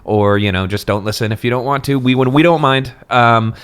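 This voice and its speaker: A man's voice: mid-range voice, a little fast, clean tone. Chatty, laughing male podcast co-host. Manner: chatty, laughs often, self-mocking. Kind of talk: casual comedic book podcast chat.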